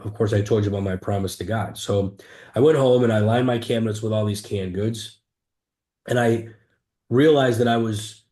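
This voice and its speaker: A man's voice: fairly low pitch, mellow. Earnest man telling his story, roomy sound. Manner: earnest, emphatic, vivid retelling with frequent restarts. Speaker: entrepreneur guest. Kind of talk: candid personal storytelling in an interview. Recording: roomy echo.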